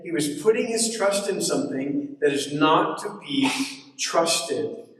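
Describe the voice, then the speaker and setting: A man preaching a sermon in a conversational style full of chatty asides. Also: a little high. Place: church hall. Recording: echoey hall from far off.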